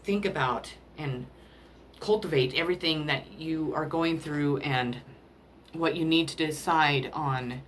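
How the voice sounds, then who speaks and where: Emotional low-voiced woman reading oracle cards. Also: measured pace, slight background noise. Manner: emotional, apologetic, rambling. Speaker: tarot card reader. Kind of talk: spiritual card reading.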